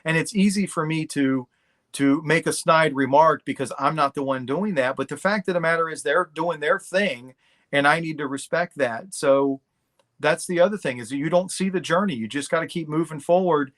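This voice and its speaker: A man's voice: on the high side, normal speed, fairly bright tone. A middle-aged man talking candidly and bluntly as a guest in a casual interview. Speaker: podcast guest.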